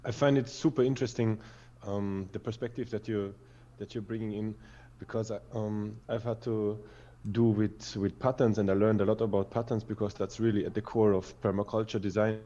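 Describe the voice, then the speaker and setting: A man's voice: lowish voice, flat delivery, normal speed, warm tone. A man on a discussion panel, reflective and hesitant with many fillers, on lo-fi call audio.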